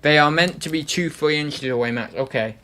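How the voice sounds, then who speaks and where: A man hosts a casual livestream from his room at home. He rambles and pokes fun at himself, and his voice sits a touch high for a man. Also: brisk, pushed and bright, a little hiss or hum. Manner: chatty, self-mocking, rambling. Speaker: livestream host. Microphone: desktop microphone.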